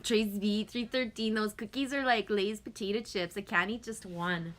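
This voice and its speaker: Stream host, woman, chatty and giggly, mid pitch, casual reading of viewer comments. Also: fairly even intonation, normal speed, fairly bright tone. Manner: chatty, laughs often, reads comments aloud. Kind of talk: casual live chat with viewers.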